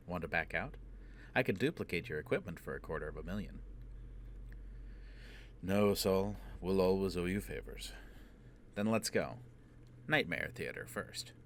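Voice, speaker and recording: A man reading a science fiction novel aloud as audiobook narration, steady and measured. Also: low voice, slight background noise. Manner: steady, measured storytelling with voiced dialogue. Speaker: audiobook reader. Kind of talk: scripted narration.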